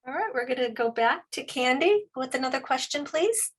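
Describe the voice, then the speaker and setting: A woman moderating a press interview, calling on reporters in a brisk, polite way. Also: high voice, expressive, husky.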